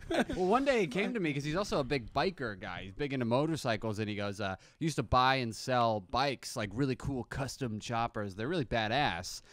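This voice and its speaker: A man's voice: medium pitch, a little fast, hardly any pauses, no room sound. A man, a guest comedian from New York, chatting on a podcast and acting out quotes in shifting voices. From Astoria, New York. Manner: animated storyteller, acts out quotes in shifting voices. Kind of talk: casual podcast chat.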